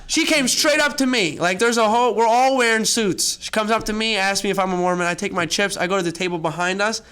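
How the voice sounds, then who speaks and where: A man's voice: sits high, fast, clean tone. A young man hosting a podcast, chatting casually and telling rambling stories. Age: young adult. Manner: rambling storyteller, animated retellings. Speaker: podcast host. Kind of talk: casual chat.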